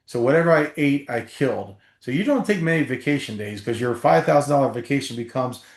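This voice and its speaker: In a storytelling interview on a podcast, a middle-aged ex-football player from New Jersey recounts tales with animated emphasis and casual swearing. He speaks briskly at a medium pitch, and the sound is roomy.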